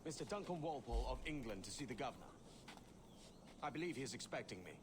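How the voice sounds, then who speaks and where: An actor playing a formal English gentleman who calls on a governor, speaking politely and briskly. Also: mid-range voice, lively intonation, background noise, natural voice.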